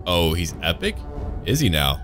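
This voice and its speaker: A man's voice: sits low, big pitch swings, moderate pace. A man giving sarcastic, jokey running commentary while playing a video game, over game music. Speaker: gaming YouTuber. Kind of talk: let's play commentary.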